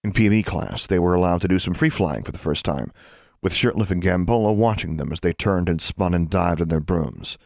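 Low-voiced guy reading a fantasy audiobook, dry close sound, steady. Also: gravelly, no room sound. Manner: steady, measured storytelling. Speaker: audiobook narrator. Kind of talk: scripted narration.

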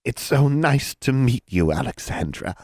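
A man's voice: medium pitch, very animated, measured pace, darkish tone, dry recording, studio quality, voice pushed up. A man putting on a cunning old hag's falsely sweet voice. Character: cunning old female hag, sweet then menacing.

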